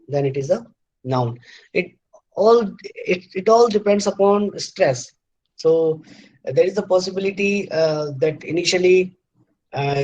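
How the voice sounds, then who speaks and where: A middle-aged man with a high-pitched voice gives a university lecture. He talks haltingly, with many fillers and restarts, and says example words over and over to show where the stress falls. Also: darkish tone, rough recording.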